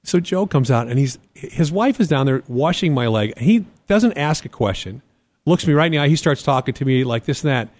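Here a podcast co-host with a medium-pitched voice talks fairly quickly in a dry recording. During laid-back conversation he narrates a story, bringing it to life by acting out the different characters' voices.

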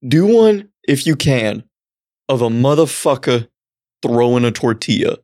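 Profane, excitable storytelling man. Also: unhurried. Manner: profane, rambling storyteller with big excited pitch jumps. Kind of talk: casual chat.

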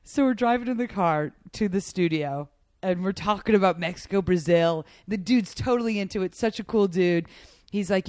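A woman comedian hosting a casual chat, telling an animated, excitable story with many restarts. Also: fairly low pitch, normal speed, dry recording, clean studio sound. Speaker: comedian podcast host.

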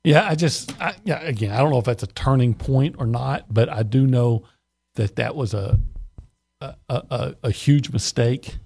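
A man's voice: medium pitch, normal speed, creaky, a little mellow, husky. A man giving blunt, opinionated sports analysis on a radio show, often stopping and restarting mid-sentence. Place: radio studio.

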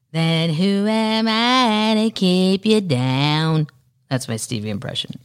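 A middle-aged woman hosting her own podcast, chatting casually with wry, rambling asides. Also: sits low. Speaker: podcast host. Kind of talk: casual solo chat.

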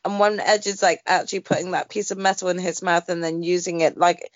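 A woman's voice: on the low side, fairly quick, dry recording, lo-fi sound. A woman co-hosting a podcast, chatting casually and filling her talk with "like" and "you know". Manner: chatty, hedging with "like" and "you know", swears when excited. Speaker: podcast co-host. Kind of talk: casual wrestling chat.

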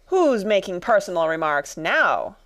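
A woman's voice: mid-range voice, lively intonation, normal speed, lightly acted. A smug, needling hatter, as a woman reads him. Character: rude, mocking male hatter.

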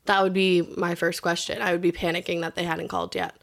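Lower-voiced woman reacting emphatically. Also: level tone, quick pace, gravelly. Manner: reactive, emphatic, imagines herself in the situation. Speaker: podcast co-host. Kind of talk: casual true-crime chat.

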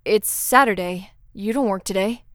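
Woman voicing a bashful underworld god, apologetic and halting, smooth dry voice. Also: medium pitch, dry recording, lightly acted. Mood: flustered. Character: shy gentle young male god of the dead.

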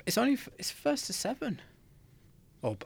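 A man's voice: very high-pitched, wildly swooping pitch, normal speed, creaky, slightly rough. A man giving darts betting tips in casual podcast chat, hesitant with many restarts. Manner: hesitant, restarts, laughs along. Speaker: darts pundit.

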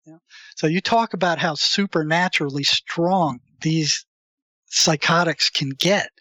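A man's voice: fairly high pitch, a little slow, sharp tone, dry recording. A man telling a prison story in an interview, acting out the people he quotes, with frequent restarts. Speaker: interview guest.

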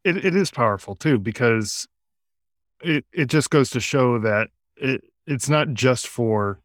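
A man hosting a casual talk on air. He speaks haltingly and restarts his words. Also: medium pitch, animated, fairly bright tone, no room sound, studio quality.

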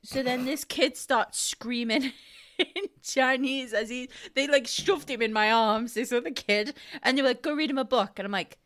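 A woman's voice: on the high side, a little slow, fairly bright tone. A young woman co-hosting a casual podcast chat, laughing often and swearing freely as she tells stories. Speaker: podcast co-host.

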